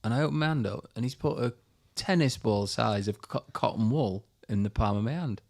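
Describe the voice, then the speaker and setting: A middle-aged man, a former pro golfer and podcast guest, telling a story in a lively way and laughing as he goes. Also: medium pitch, a little fast, creaky.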